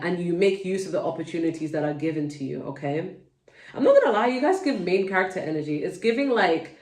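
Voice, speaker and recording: At home, a woman with a London accent chats through a tarot reading for her viewers, drifting off on tangents. The voice sits on the low side with a darkish tone, recorded from a distance in an echoey room.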